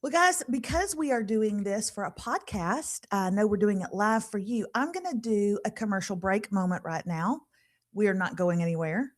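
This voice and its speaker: A middle-aged woman hosting a casual live podcast, telling lively stories and mimicking people. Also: medium pitch, moderate pace. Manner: animated storyteller, laughing, mimicking others. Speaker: podcast host.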